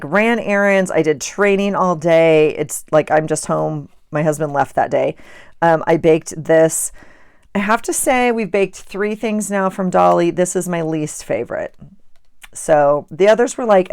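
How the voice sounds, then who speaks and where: A middle-aged woman talks casually as she crafts, rambling and amused at herself. Her voice sits a little low with a gravelly edge, and the sound is close and dry. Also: darkish tone, no echo. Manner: chatty, rambling, self-amused. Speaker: journaling vlogger. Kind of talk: casual chat while crafting.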